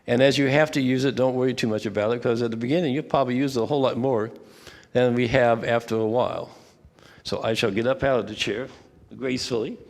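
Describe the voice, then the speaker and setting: An older man leading a church prayer workshop, talking in a relaxed, conversational way with frequent asides and restarts. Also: mid-range voice, creaky, big-room sound. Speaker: workshop leader. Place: church fellowship hall.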